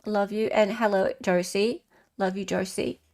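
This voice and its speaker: A woman's voice: medium pitch, steady tone, a little slow, darkish tone. An Australian woman hosting a casual livestream chat, greeting viewers and reading their comments aloud. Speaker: livestream host.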